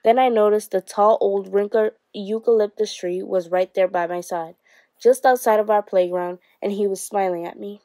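A woman teacher reading a novel aloud to her class in a steady storytelling manner. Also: medium pitch, moderate pace, no room sound.

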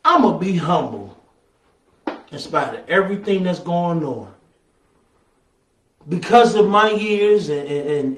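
High-voiced preacher in an echoey church. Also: male voice, lively intonation, takes it slowly, pauses often, recorded from a distance. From Southern US. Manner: call-and-response preaching, building to shouts. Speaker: pastor. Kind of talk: sermon. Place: church sanctuary, from afar.

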